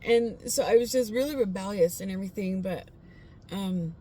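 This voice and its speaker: A woman sharing her personal faith testimony in a casual, earnest, heartfelt way, pausing often with fillers. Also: mid-range voice, mellow, slight background noise.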